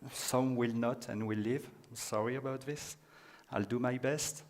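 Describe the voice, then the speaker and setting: A man's voice: mid-range voice, steady tone, unhurried, big-room sound. A man from France with a French accent, giving a conference presentation with many hesitations. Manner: hesitant, with many filler sounds. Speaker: conference speaker. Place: conference room.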